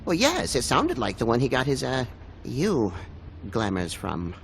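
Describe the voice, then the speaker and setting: An actor voicing a small, sheepish, hungover male winged monkey in a game, mumbling and squeaky. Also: wildly swooping pitch, measured pace, creaky, slight background noise, full character voice.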